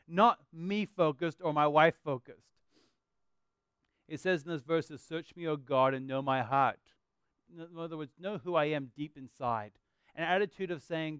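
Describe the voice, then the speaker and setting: A man's voice: a little high, smooth, dry recording. Earnest Australian preacher, male, clean and resonant, dry close sound. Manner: earnest, slows down for scripture and prayer. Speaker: pastor. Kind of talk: sermon.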